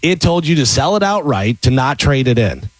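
A man's voice: mid-range voice, very animated, normal speed, no echo. A man hosting a casual talk show, reading news items and joking with his co-hosts. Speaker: radio show host. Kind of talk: casual morning show banter.

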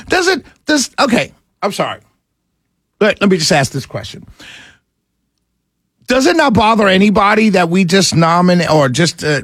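Husky high-voiced talk radio host. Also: male voice, dry recording, clean studio sound. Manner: animated, exasperated ranting with rhetorical questions. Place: radio studio.

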